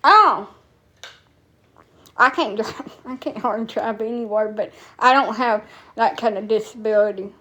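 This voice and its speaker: Woman w just ranting and cussing, kinda high voice, all over the place. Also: a little slow, long pauses, bright, forceful tone. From Alabama, USA. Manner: profane, blunt, rambling. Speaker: TikTok storyteller. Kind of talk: casual storytelling rant.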